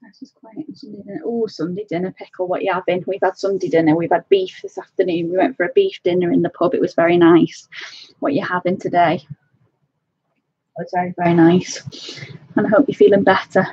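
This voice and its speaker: Chatty woman on a husky webcam stream. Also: on the low side, animated, fast, few pauses, a little mellow, no echo, dull audio. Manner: chatty, laughs often, greets viewers by name. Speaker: colouring channel host. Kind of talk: casual live-stream chat. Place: home, indoors.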